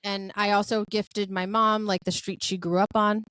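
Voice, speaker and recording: Chatty woman podcast host, mid-pitched, gushing and filler-laden, dry close sound. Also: moderate pace, smooth, no echo. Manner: chatty and effusive, with many "like" and "um" fillers; lively storyteller who acts out quoted dialogue. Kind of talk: casual podcast chat.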